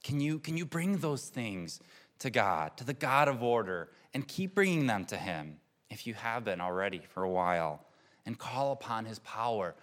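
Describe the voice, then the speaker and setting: A man's voice: on the low side, sing-song, normal speed. Earnest man giving a reflective sermon. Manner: earnest, reflective, with soft laughs and repeated words. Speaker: pastor.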